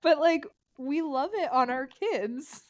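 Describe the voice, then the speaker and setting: A woman guest, a birth doula, speaks in a chatty, rambling way. Her voice sits a bit high. Her talk is loose and easygoing. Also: animated, slow, a little mellow. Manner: chatty, rambling, often laughing. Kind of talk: casual chat.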